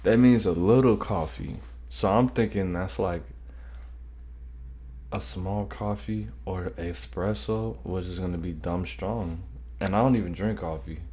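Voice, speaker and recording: A man's voice: sits low, unhurried, dark tone, slight background noise. A man hosting a reaction video, making loose, profane, joking asides between clips. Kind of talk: casual reaction commentary.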